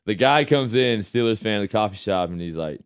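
A man's voice: lowish voice, lively intonation, a little fast, vocal fry, clear, resonant tone, no echo. A man hosting a sports radio show in a studio, chatting casually and laughing, calling people man and brother. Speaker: radio show host, football quarterback. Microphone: studio microphone.

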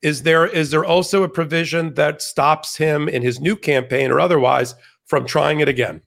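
Male legal pundit guest; animated, argumentative, quick restarts, somewhat raised pitch. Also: vocal fry. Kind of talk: conversational interview.

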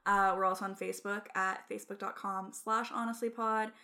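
Bright-voiced snarky young woman co-host. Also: medium pitch, little pitch movement, a little fast. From Canada. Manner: blunt, snarky. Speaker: podcast co-host. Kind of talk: casual chat.

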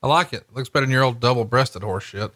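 A man's voice: mid-range voice, quick pace, a bit bright. A man cohosting a podcast, chatting casually and teasing his partner with wisecracks. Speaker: podcast co-host. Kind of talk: casual chat.

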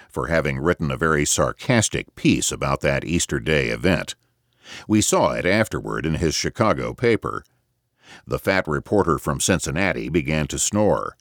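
A man reading a novel aloud as audiobook narrator, measured and reflective, close to a studio mic. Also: a bass voice, no room sound.

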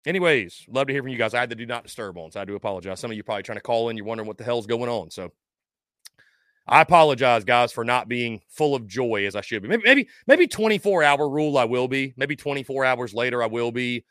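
A man's voice: mid-range voice, expressive, fast talker, a bit bright, dry recording, clean studio sound. A man hosting a sports call-in show, talking bluntly and sarcastically in a loose, casual way.

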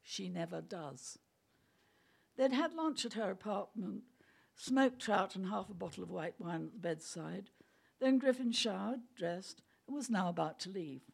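Gravelly woman reading a story aloud. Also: medium pitch, animated, a little slow, a little mellow. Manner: amused, breaks into laughter. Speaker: reader.

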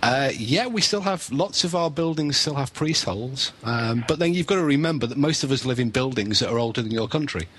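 A man co-hosting a casual podcast, explaining in a measured way with dry humour. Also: medium pitch, expressive, fairly bright tone, slight background noise. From Wales, UK. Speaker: co-host, paranormal researcher.

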